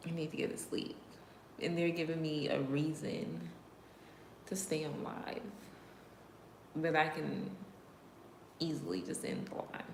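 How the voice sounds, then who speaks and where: A woman's voice: low-pitched, fairly even intonation, measured pace, pauses often, a little hiss or hum. A woman hosting a casual livestream, talking straight to her viewers, sometimes dropping to a whisper and laughing. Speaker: livestream host. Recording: roomy room echo.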